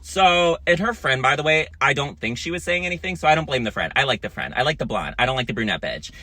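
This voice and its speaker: A man's voice: medium pitch, expressive, quick pace, sharp tone, no echo. A man telling a storytime monologue to camera in a sassy, profane, dramatic way.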